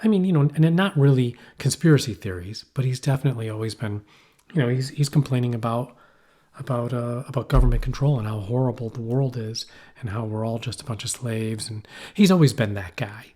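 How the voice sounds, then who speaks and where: A man talking casually on a podcast, with a warm, mellow tone and a middle-pitched voice. He rambles through a story with lively asides and playful tangents. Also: brisk. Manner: rambling, animated storytelling with playful mock accents. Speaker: podcast co-host. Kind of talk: casual conversational podcast chat. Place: poorly heated shack.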